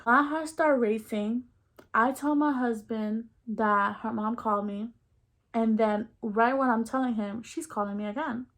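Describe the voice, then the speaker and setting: Young woman, fairly high voice, candid casual storytime, slangy, acts out dialogue. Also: a little slow. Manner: candid, expressive, slangy retelling. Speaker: vlogger.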